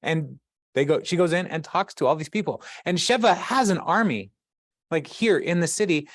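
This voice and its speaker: A man's voice: on the high side, no room sound, studio quality. A man hosting a Bible study, reading scripture aloud and breaking off into casual, chatty commentary with frequent laughter and side tangents. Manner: chatty, laughs often, wanders off-topic.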